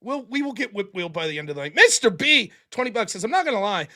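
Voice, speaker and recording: A man hosting a casual live stream, reading out donations and telling stories, excitable, with sudden loud bursts between mumbled asides. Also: sits high, fast talker. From United States. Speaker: stream host.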